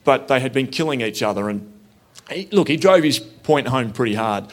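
Earnest man telling his story. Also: mid-range voice. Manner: earnest, reflective, conversational. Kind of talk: personal storytelling talk.

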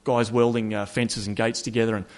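A man telling a personal story about a long walk in a relaxed, conversational way, with wry humor and small self-corrections. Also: fairly low pitch, brisk. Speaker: speaker recounting a long walk.

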